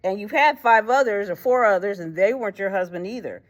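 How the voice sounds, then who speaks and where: A man's voice: sits high, fairly quick, close to an everyday voice. A woman doing a blunt plainspoken prophet. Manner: plainspoken, slangy, matter-of-fact. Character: blunt outspoken male prophet.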